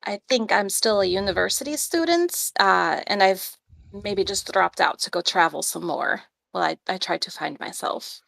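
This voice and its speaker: A woman's voice: mid-range voice, lively intonation, normal speed, creaky, a bit bright, dry recording, heavily acted. A woman voicing a playful, cheeky young alien woman, a small-time criminal, with a slight put-on Russian-like accent.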